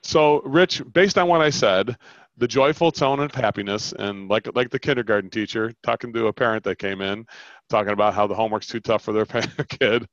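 A man coaching on a podcast, animated and quick, often acting out customer lines as he explains sales talks. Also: fairly low pitch, no room sound, muffled recording. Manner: animated, fast-talking, acts out customer lines.

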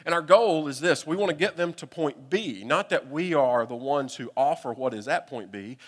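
Man, Southern US accent, pastor, humorous sermon story, animated, echoing church hall. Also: a little high, normal speed. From United States. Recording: long reverb from a hall.

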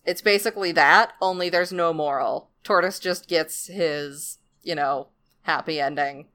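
Woman, deep smooth voice, laid-back rambling storyteller, casual chat. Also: unhurried, fairly bright tone.

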